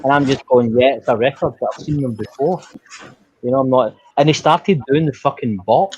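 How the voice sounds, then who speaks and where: A man's voice: mid-range voice, fairly quick, background noise. An Irish man rambling through a story in casual chat, swearing freely. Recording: dull lo-fi sound.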